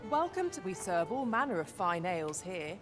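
Game tavern keeper, hospitable, lilting, very lively pitch, fiddle music behind. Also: female voice, normal speed. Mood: welcoming. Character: welcoming female tavern keeper. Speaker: game character.

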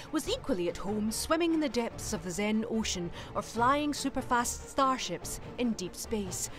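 A woman reading an audio story as narrator, lively and expressive. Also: fairly high pitch.

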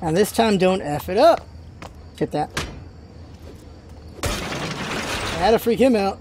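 A man's voice: high voice, lively intonation, slow, noisy background. A man hosting a let's play, giving casual game commentary as he rants and swears in frustration.

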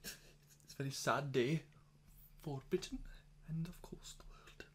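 A man's voice: extremely high pitch, big pitch swings, a little fast, voice pushed up, exaggerated voice. A man putting on a solemn posh British mourner. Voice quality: drops into hushed whispers.

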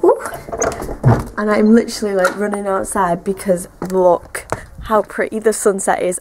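A woman's voice: mid-range voice, steady tone, normal speed, darkish tone, a little hiss or hum. A young woman vlogging her day at home, rambling in a casual, chatty way with lots of fillers. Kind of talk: casual daily vlog. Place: home, indoors and garden.

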